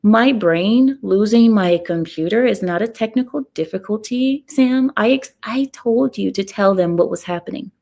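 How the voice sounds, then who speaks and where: Woman livestream host, sarcastic deadpan humor, a bit of vocal fry, casual chat with viewers. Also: medium pitch, normal speed, few pauses. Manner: sarcastic, deadpan provocative joking.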